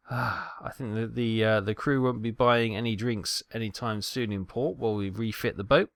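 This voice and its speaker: A man's voice: lowish voice, steady tone, unhurried, long pauses, a bit bright, no room sound. A man hosting a gaming channel, giving casual, wry commentary on a submarine game and stumbling over ship names.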